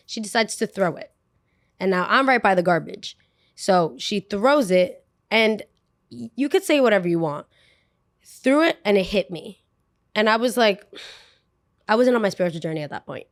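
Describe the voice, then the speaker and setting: Young woman podcast host, casual and animated storyteller, dry close mic. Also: no echo. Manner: animated, acts out quotes with pitch swings.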